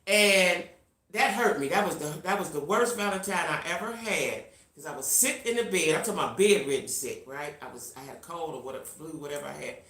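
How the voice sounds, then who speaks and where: Bright-voiced middle-aged woman storytelling live. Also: sits low, fairly quick, echoey room. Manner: animated, talks straight to viewers; reads out viewer comments. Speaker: livestream host. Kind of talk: casual storytelling livestream.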